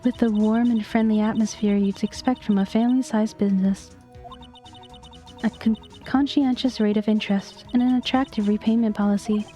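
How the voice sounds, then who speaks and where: A woman's voice: medium pitch, steady tone, normal speed, warm tone, soft background music, lightly acted. A woman reading the lines of a nervous, wry young male defense lawyer with dry sarcastic asides. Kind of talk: reading game dialogue aloud.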